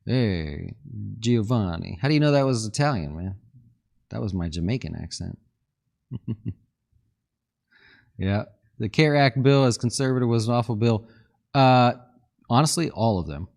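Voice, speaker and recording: A man's voice: mid-range voice, lively intonation, moderate pace, long pauses, a little mellow. A man hosting a live market stream, chatting casually and joking while reading viewer questions and thinking aloud over charts. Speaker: fund manager hosting a market livestream.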